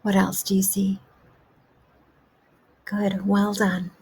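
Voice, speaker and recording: A woman kindergarten teacher giving a remote lesson, asking young children gentle, encouraging questions about a story. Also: medium pitch, level tone, takes it slowly, husky.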